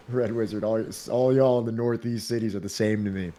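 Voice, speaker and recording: Low-voiced rambling man podcast host. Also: fairly even intonation, normal speed, dark tone. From New Jersey. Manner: rambling, joking, many fillers and restarts. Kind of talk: casual chat and book discussion.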